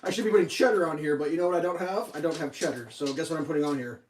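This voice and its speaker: Laid-back rambling man, slightly high voice. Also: very fast, slight background noise. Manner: rambling, laid-back, chatty with his dog. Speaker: cooking vlogger. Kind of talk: casual cooking chat.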